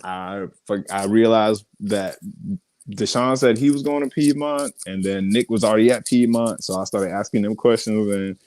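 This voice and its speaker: A man's voice: on the low side, normal speed, dry recording. A young adult man, telling stories casually in an interview, acting out quotes with lots of swearing. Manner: animated storyteller, acts out quotes, swears freely. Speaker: guest artist and actor.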